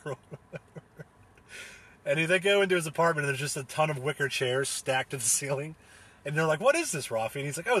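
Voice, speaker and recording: Rambling, husky young man chatting. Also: mid-range voice, a bit bright. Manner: rambling, laughing, swearing, many fillers and restarts. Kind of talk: casual solo chat recounting a comedy show.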